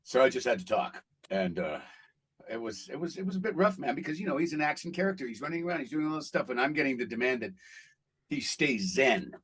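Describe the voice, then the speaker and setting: Husky male voice actor telling stories. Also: mid-range voice, quick pace, low-quality recording. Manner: animated raconteur who laughs and acts out quotes. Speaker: voice actor guest. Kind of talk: casual interview storytelling.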